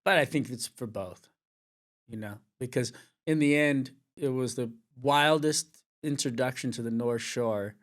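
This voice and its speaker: A man's voice: medium pitch, unhurried. A middle-aged man from California tells his story in a frank, unpolished way. He swears freely and jumps into other people's voices when he quotes them. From Venice, California. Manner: swears freely, acts out quoted dialogue with lively shifts. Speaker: surf commentator, interview guest. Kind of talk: candid storytelling interview.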